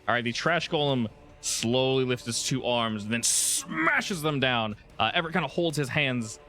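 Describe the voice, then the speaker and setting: A man running a tabletop game as game master, narrating in a relaxed way with frequent restarts. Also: medium pitch, normal speed, faint music behind.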